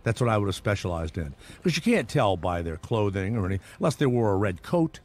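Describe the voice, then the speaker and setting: Rambling, sarcastic radio host. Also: male voice, lowish voice, sing-song, fairly quick, darkish tone. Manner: rambling, sarcastic, lots of restarts and asides. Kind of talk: morning radio talk.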